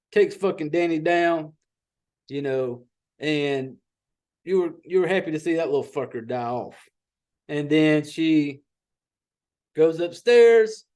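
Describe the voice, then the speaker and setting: A man's voice: fairly high pitch, a little mellow. A man giving a casual, profane, rambling recap of a horror film as a podcast host. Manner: rambling, profane, folksy storytelling with quick asides.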